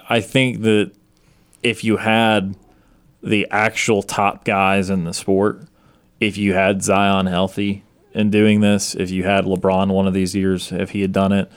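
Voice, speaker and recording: A man's voice: sits low, smooth. A man hosting a sports talk show, chatting casually and thinking aloud as he goes.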